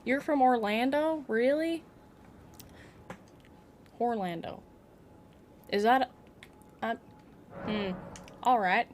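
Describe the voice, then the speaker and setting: A woman streamer chatting casually with her viewers while playing, excitable and giggly. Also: a little high, unhurried, long pauses, a little hiss or hum. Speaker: game streamer. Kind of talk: casual live-stream chat.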